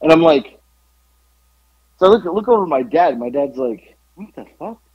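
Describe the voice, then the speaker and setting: A man's voice: fairly high pitch, expressive, moderate pace, breathy edge, no echo, dull audio. A man co-hosting a podcast, telling a story in a rambling, casual way full of "like" and swearing. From south side of Atlanta. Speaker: podcast co-host.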